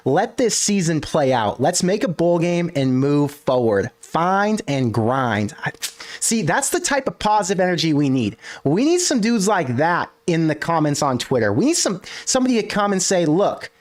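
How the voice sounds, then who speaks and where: A man hosting a solo sports livestream from his desk, ranting in an animated, casual way with some swearing. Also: fairly high pitch, normal speed. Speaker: sports podcast host. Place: home desk.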